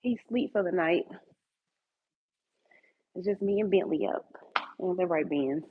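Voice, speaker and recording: A woman's voice: fairly low pitch, a little slow, slight background noise. A woman streaming live from her home kitchen at night, chatting casually with viewers and talking to her dogs. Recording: tinny phone-like sound.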